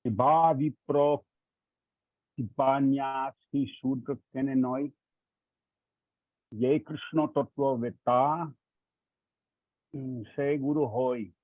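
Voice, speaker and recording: Student, male, steady reciter; dry, thin phone-like sound. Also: medium pitch, slow, long pauses, dry recording. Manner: steady recitation then plain explanation.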